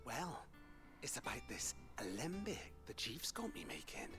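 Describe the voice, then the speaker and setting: An actor voicing a chatty male tinkerer with a West Country accent, high and nasal-sounding, folksy and wheedling, in a video game. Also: sing-song, unhurried. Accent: West Country English. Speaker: game character. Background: game music.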